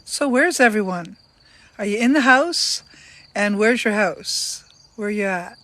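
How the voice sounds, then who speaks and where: An older woman talks into her phone while sitting outside on a sunny afternoon, with crickets chirping behind her. She keeps up a loose, chatty live-stream patter, welcoming viewers by name and asking the same questions again. Her pitch sits at an ordinary middle level. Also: lively intonation, a little slow, a bit bright. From Canada. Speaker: livestream host. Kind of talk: casual live-stream chat. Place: outdoors on a sunny day.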